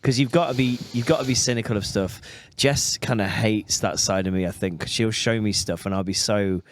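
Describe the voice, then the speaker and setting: A man co-hosting a podcast in casual chat, cynical and sweary, with quick asides. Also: on the low side, slight background noise. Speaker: podcast co-host.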